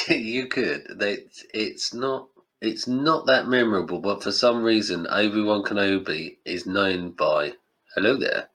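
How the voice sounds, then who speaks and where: Podcast host, man, young, lowish voice, chatty and quick to laugh. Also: a bit bright. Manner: chatty, laughs often, drops into mock quotes. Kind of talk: casual chat.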